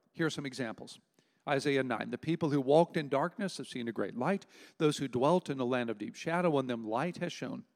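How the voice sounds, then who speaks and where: Male pastor, emphatic sermon with weighty pauses, reverberant sanctuary sound. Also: a little high, creaky. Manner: emphatic, dramatic pauses on key words.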